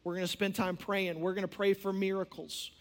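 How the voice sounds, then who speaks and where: A man's voice: high voice, level tone, a little fast. A man preaching an impassioned sermon as a pastor, with storytelling and conversational asides. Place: church sanctuary. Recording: long church hall reverb.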